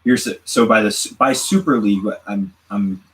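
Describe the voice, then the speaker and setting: A man's voice: lowish voice, moderate pace, fairly bright tone, poor audio. A man taking part in a casual debate, easygoing and agreeable. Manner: easygoing, agreeable, laughs easily. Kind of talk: casual chat.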